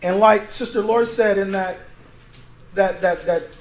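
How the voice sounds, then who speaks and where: A man with a fairly high voice leads a Bible sermon in a conversational way. He reads scripture aloud and pauses for the congregation to call out the missing words. The sound is roomy, with a faint hiss underneath. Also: fairly even intonation. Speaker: pastor. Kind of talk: interactive Bible teaching sermon. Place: church sanctuary. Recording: echoey church room, faint noise.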